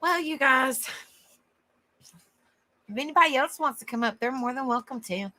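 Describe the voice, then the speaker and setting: A woman's voice: high-pitched, normal speed, sharp tone. A woman hosting a casual live stream, affectionate with viewers, exclaiming often and laughing easily. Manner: affectionate, calls viewers honey and sweetheart.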